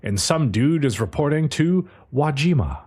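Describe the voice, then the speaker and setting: Lively man casually recapping. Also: fairly high pitch, normal speed, slightly rough. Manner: breezy, profane storytelling. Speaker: podcast host.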